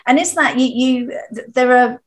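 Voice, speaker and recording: A woman's voice: sits high, normal speed. A woman hosting a podcast who asks thoughtful, probing questions in a casual interview. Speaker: podcast host.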